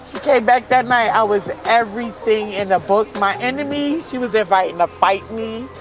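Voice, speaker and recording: Faint music plays behind a fairly high-pitched woman speaking at a moderate pace, on poor audio. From Brooklyn, New York, she gives interview testimony about her hard life, candid, emotional, and blunt in street-style speech.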